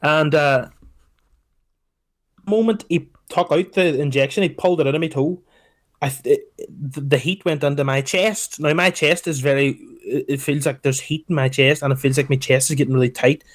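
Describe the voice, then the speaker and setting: A man's voice: fairly high pitch, normal speed. A young man, telling a long story on a casual podcast, swearing and acting out the people in it. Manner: animated, swearing, mimics people in his story. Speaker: podcast co-host.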